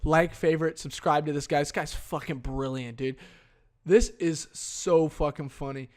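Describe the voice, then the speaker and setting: A man's voice: on the high side, steady tone, moderate pace, a little mellow. A man hosting a casual solo podcast, ranting crudely and dismissively with constant swearing, leaning over a desk microphone. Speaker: podcast host. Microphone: desk microphone he leans over.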